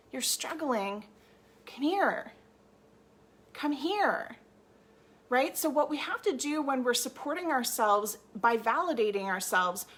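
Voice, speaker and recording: A woman's voice: fairly high pitch, fairly bright tone. A young woman coaching a support group on gut health, talking emphatically and acting out quoted complaints. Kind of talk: motivational talk to a support group.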